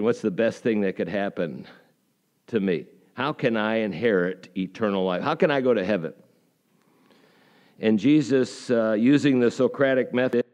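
Man, pastor, lowish voice, folksy sermon, rhetorical questions, church. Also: darkish tone. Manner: conversational, folksy, with many fillers and rhetorical questions.

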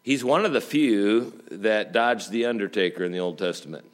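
A man's voice: lowish voice, normal speed. A middle-aged man preaching a sermon as pastor, telling stories with jokes and asides. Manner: lively storytelling with jokes and asides.

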